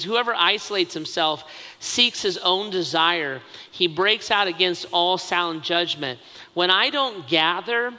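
A man with a high, sharply bright voice preaches a sermon in a big hall with a long reverb tail. He talks in a conversational, self-mocking way and keeps adding asides. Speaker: pastor.

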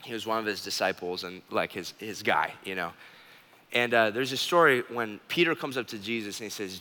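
A man's voice: fairly low pitch, brisk, sharp tone. A young man preaching a sermon as a pastor, telling stories earnestly and emphatically. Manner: earnest, emphatic storytelling with acted quotes. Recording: long hall reverb.

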